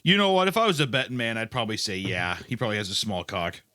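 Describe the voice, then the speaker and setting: A man's voice: lowish voice, expressive, fast talker, bright, forceful tone, dry recording, clean studio sound. A man co-hosting a podcast, making sardonic jokes in casual chat. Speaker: podcast co-host.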